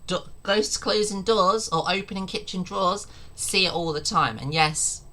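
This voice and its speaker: A woman's voice: on the low side, normal speed, sharp tone. A woman streaming her reactions to videos, mocking and sarcastic, swearing and laughing often.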